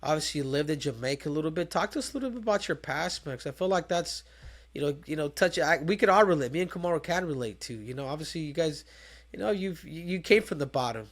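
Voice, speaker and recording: A middle-aged man co-hosts a casual fight chat show with a somewhat high voice. He feels his way through his questions, stopping and restarting as he goes. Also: lively intonation. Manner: halting, searching questions with restarts. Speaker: podcast co-host.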